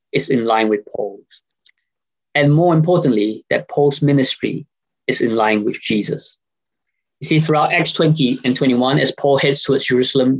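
Gravelly-voiced man preaching earnestly. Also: medium pitch, rough recording. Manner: earnest, questioning, frequent uh fillers. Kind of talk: sermon over a video call.

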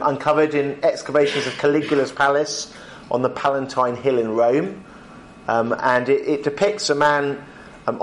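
A preacher delivers a lunchtime Bible talk in a conversational way, using plenty of ums and slowing down to emphasize key points. His voice is medium-pitched, and there's a slight hiss or hum in the recording.

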